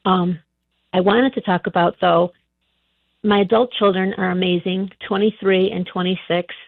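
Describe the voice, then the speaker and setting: A woman's voice: mid-range voice, steady tone, moderate pace, vocal fry, no echo. A middle-aged woman calling in on the phone to a radio show, telling her story hesitantly with many restarts. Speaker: caller. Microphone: telephone. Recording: tinny phone line.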